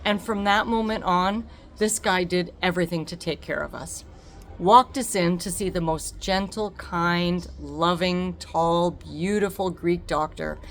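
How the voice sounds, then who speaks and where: A woman telling a personal story to camera, animated and emphatic, acting out the dialogue and repeating words for effect. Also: fairly low pitch, a little hiss or hum. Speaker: vlogger.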